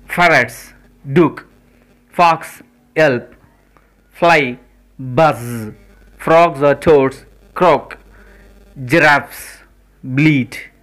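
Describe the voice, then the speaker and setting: Slow-reading man with a higher voice. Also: fairly bright tone, poor audio. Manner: slow, deliberate, reading names one by one. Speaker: channel host. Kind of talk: educational word list reading.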